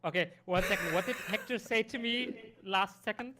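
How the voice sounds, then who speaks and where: Man, player, non-native English accent, bright tense voice, a bit high, playful, grumbles in character. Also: normal speed. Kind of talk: tabletop role-play.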